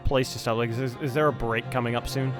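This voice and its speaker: A man's voice: mid-range voice, steady tone, fast talker, faint music behind. A man chatting casually with friends during a game, flustered and swearing. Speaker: player. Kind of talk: casual chat while voicing a game.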